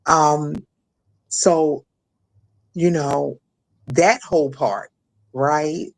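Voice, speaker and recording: A middle-aged woman from Maryland recounting a personal ordeal as an interview guest, halting with many restarts and fillers. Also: low voice, steady tone. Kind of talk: emotional personal testimony.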